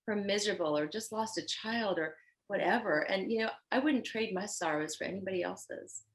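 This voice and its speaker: This podcast guest, a woman who designs fashion, has a mid-range voice and speaks a little fast over a rough recording. Her manner is effusive and sincere, and her stories bring out real animation.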